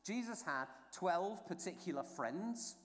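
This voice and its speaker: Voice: medium pitch, lively intonation, unhurried. A preacher giving an informal, chatty baptism sermon, telling the story with many asides and fillers. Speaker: clergy trainer preaching at a baptism. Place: church during a baptism service. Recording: long church reverb.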